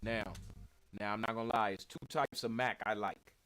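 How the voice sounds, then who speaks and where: A man's voice: lowish voice, steady tone, moderate pace, pushed and bright, faint music behind, poor audio. A man hosting a casual show, reacting to video clips in a laid-back, slangy way.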